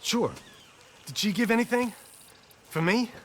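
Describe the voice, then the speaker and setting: A nervous, pleading young gentleman. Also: high-pitched, measured pace. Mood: grateful. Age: young adult. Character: anxious young man from a rich family, lovestruck. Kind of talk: video game cutscene acting.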